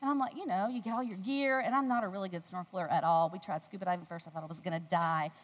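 A woman from the United States giving a devotional talk, telling a personal story with animated delivery and acting out the voices in the story. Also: fast. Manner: animated storytelling, acting out quotes in a squealing high voice. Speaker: speaker at a faith gathering. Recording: long hall reverb.

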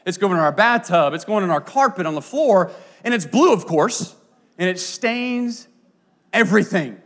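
A man in his thirties delivers a sermon in a bright, high voice that swings widely up and down. He tells funny stories from his own life in a lively, playful way, full of asides to his listeners. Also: normal speed. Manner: animated, playful storyteller with frequent asides. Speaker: pastor. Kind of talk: sermon with storytelling.

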